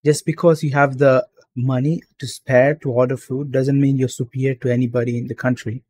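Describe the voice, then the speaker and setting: A man's voice: medium pitch, little pitch movement, brisk, a little mellow, dry recording. A young man ranting profanely and with exasperation while commenting on a reaction video.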